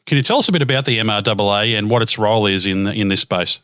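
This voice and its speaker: Casting: male podcast host, rapid chatty delivery, dry close sound. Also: fairly low pitch, bright, forceful tone, no room sound. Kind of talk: casual interview chat.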